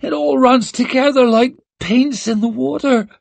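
A woman's voice: sits high, measured pace, creaky, darkish tone, dry recording, pitched above the performer's own voice, heavily acted. A man voicing a young woman seer, feverish and frightened, speaking in a strained, pleading way. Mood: dazed, frightened.

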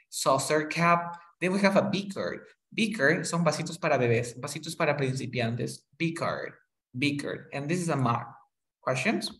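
A man teaching a one-on-one lesson, patiently saying each word slowly and repeating it. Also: on the high side, a bit bright. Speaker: English tutor.

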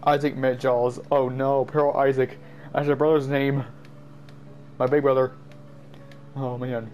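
A man giving jumpy, excited commentary while playing a game, easily startled and laughing at himself. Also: mid-range voice, unhurried, muffled recording, slight background noise. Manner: jumpy, screams and laughs at scares, self-mocking. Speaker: gamer.

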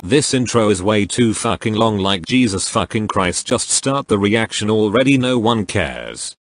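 Male YouTuber, mocking reaction commentary, crude and foul-mouthed, lowish voice, music bed underneath. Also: lively intonation, measured pace. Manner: crude, sarcastic ranting with heavy swearing. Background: background music.

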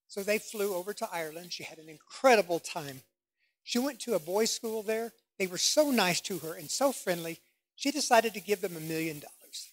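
Guest lecturer, man, emphatic and lively, works the room with questions. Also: sits high, moderate pace, a little hiss or hum. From United States. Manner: animated, emphatic, asks the audience questions. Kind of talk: public lecture.

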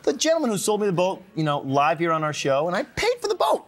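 A man on a morning TV show, the weather anchor, telling stories in quick, animated on-air banter from a studio. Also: high voice. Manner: fast, animated storytelling with restarts. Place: TV news studio.

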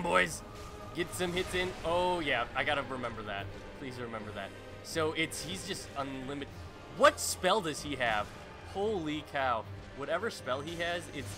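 Here a young man at medium pitch hosts a let's-play for his gaming channel, narrating as he plays. Nervous mumbling gives way to sudden loud yelps and exclamations, with the game's music playing clearly in the background.

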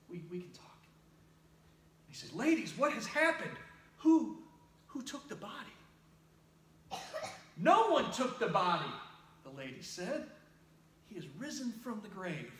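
A man's voice: high voice, bright, forceful tone. A man preaching an Easter sermon, telling the story dramatically and acting out news-report voices. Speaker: pastor. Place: church sanctuary. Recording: echoey church room.

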